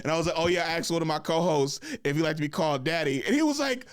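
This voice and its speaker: A young man hosts a casual podcast chat, loose and joking, with plenty of swearing. His voice sits a little high for a man. He keeps a playful storytelling flow. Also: very animated, rapid-fire, few pauses. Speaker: podcast host.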